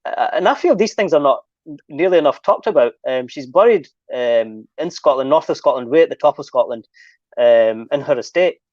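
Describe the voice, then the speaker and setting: A man chatting on an online show, speaking hesitantly with many pauses and ums. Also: mid-range voice, expressive, a little mellow, dry recording, muffled recording. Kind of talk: casual online chat.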